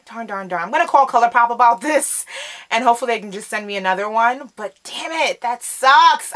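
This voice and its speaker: A young adult woman hosting a casual makeup first-impression vlog, bubbly and expressive, full of slang. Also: lowish voice. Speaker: beauty vlogger. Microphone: camera framed close.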